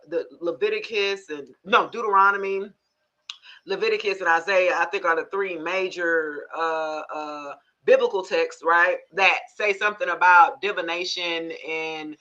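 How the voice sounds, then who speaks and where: A woman hosting a tarot live stream in casual chat. She is frank, animated and cusses freely, often turning to her viewers for agreement. Her voice is very bright, and the recording sounds dull and lo-fi. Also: on the low side, normal speed. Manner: animated storyteller, frank and cussing, asks the audience for agreement.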